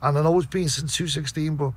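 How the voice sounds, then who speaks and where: A man's voice: on the high side, steady tone, quick pace, slightly rough. A man from Liverpool with a Liverpool accent, telling a story as a podcast guest, blunt and full of swearing. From Liverpool, England. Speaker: podcast guest, debt collector.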